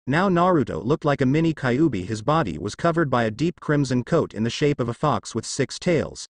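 A man narrates fan fiction in a steady, even storytelling read and lets his pitch rise and fall with lively movement. The recording is dry and close, with no room around the voice. He keeps the same plain voice for every character he reads. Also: a little fast, dry recording.

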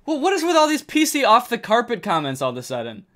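This streamer, gaming in a carpeted room at home, talks with his audience in a relaxed way and shouts out loudly whenever something excites him. He has a very high voice and speaks fast.

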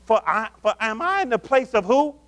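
High-voiced male preacher calling out. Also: sing-song, moderate pace. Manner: call-and-response preaching, asking the congregation questions; swings between loud emphatic calls and low murmurs. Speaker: pastor. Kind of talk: sermon.

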